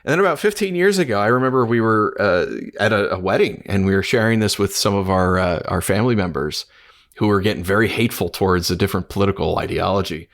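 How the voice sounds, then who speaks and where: Low-voiced guy co-hosting a faith podcast, earnest, lots of restarts. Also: quick pace. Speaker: podcast co-host, minister. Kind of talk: casual devotional discussion.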